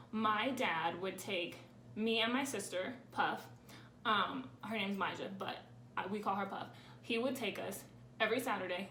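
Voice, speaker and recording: A woman's voice: medium pitch, a bit bright. A young woman answering fan questions in a casual vlog, chatty and candid, with lots of fillers. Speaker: vlogger. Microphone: camera on a tripod. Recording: roomy with faint ambient noise.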